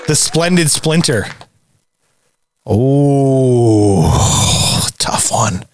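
A man's voice: mid-range voice, sing-song, extremely slow, a little hiss or hum. A man co-hosting a podcast, running a playful sports quiz and laughing easily. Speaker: podcast co-host. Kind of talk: casual chat.

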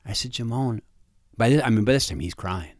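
A man telling a personal story in a halting way, often restarting and repeating words, and often quiet and low. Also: expressive, no room sound, studio quality.

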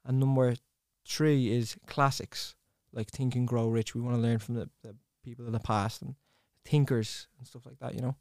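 A man with a softened Dublin accent, a podcast guest talking earnestly in a casual chat. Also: medium pitch, fairly even intonation, no room sound, studio quality. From Ireland. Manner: earnest, measured, trying to speak neutrally.

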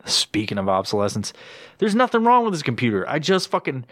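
Young male podcast host, mid-pitched, loose and foul-mouthed solo rant on a home mic. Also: brisk, dry recording, studio quality. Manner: profane, rambling, swears constantly; jumps into high excited voice when quoting himself. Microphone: podcast microphone with headphones.

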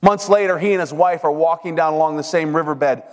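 A man's voice: a little high, fairly quick. A middle-aged man giving a folksy, joking sermon-style talk at a men's seminar. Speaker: seminar speaker. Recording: long hall reverb.

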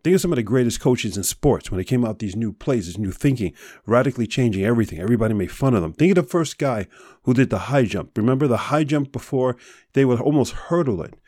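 A man hosting a podcast, giving a blunt motivational talk full of rapid rhetorical questions and profanity. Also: medium pitch, expressive, a little mellow, no room sound, clean studio sound. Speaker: podcast host. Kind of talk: motivational monologue.

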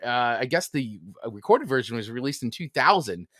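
A man co-hosting a podcast in a casual chat, easygoing and a little halting, often restarting his sentences. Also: mid-range voice, animated, a bit bright, dry recording, studio quality. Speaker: podcast co-host.

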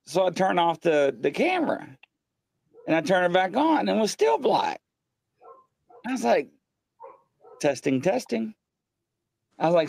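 A man hosting a live paranormal show from his home studio, telling ghost stories excitedly and acting out what people said. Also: sits high, unhurried, creaky, long pauses, no room sound. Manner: excitable storyteller, acts out quotes. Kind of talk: casual live-stream chat. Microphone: desk mic.

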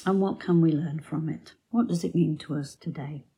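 A woman giving a devotional Bible talk, telling the story slowly and sinking to soft near-whispers. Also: sits low, breathy edge, low-quality recording. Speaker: Bible teacher.

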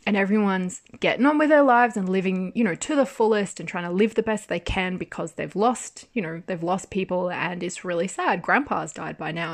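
Woman, casual drama review, animated, exasperated, swears and laughs, mid-pitched voice.

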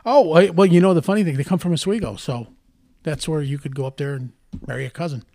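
A man's voice: on the high side, quick pace, creaky. A man co-hosting a casual talk show, telling stories and cracking jokes. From Central New York. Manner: joking, storytelling, lively. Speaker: co-host. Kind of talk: casual chat.

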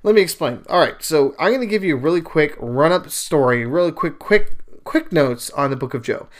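A man's voice: a little high, a little fast. A man hosting a podcast, casually retelling a scripture story and giving his views, emphatic and chatty with asides. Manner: animated, emphatic, acts out quoted speakers; conversational with fillers and asides. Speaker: podcast host. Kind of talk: casual retelling and religious commentary.

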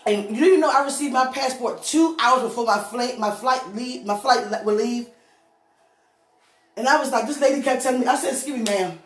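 A woman preacher giving a lively, storytelling testimony, laughing often as she speaks. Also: on the high side, normal speed. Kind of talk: church testimony sermon. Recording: echoey room with faint music.

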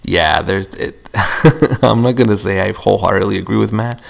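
A young man hosts a casual solo podcast, rambling along and venting with plenty of swearing. His fairly low voice is thick with gravelly fry. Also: moderate pace. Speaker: podcast host.

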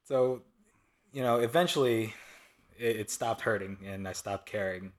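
A young adult man, a guest in a casual interview, speaking hesitantly with many pauses and fillers. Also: lowish voice.

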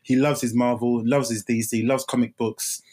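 A man co-hosts a casual movie podcast in an easygoing way, repeating himself and laughing often. He sounds a little tired after a gym session. His voice sits at an ordinary middle pitch. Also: flat delivery, normal speed, darkish tone, soft background music. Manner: laid-back, laughs often, repeats phrases. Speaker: podcast co-host. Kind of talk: casual film podcast chat.

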